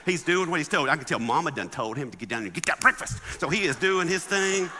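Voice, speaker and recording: A high-voiced man preaches with humor, acting out the characters in his stories. His tone is very bright and forceful, and the sound carries a long hall reverb. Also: quick pace, slight background noise. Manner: animated, acts out the people in his stories. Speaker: guest speaker. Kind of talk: humorous sermon storytelling.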